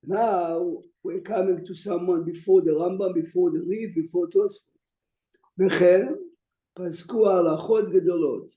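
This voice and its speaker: Rabbi guy teaching talmud, high but really dark voice, reads fast then explains, echoey room. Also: fairly even intonation. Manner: urges students to listen, reads texts rapidly, then explains. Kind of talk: Talmud study lecture. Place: classroom with students. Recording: roomy echo.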